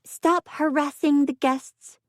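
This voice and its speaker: A bubbly, breathless teenage girl in costume armor, beaming as she speaks, as a woman reads her. Her voice sits well above the narrator's and comes out bright and quick of breath. A storybook voice in a dry, close sound. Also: high voice, fairly even intonation, no echo, pitched above the performer's own voice.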